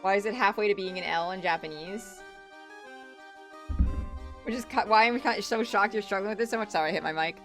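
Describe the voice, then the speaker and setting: A young woman thinks out loud while playing, stumbling over restarts and dropping casual swears. Her voice sits at a middle pitch, with soft game music underneath. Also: a little fast, long pauses. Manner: rambling, stammering, many restarts. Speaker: streamer.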